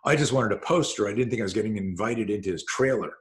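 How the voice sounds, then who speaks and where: Animated, swearing male storyteller. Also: lowish voice, fast talker. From Canada. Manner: animated, swears, acts out quoted speech. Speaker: self-defense coach and host. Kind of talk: casual storytelling on a call. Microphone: video call.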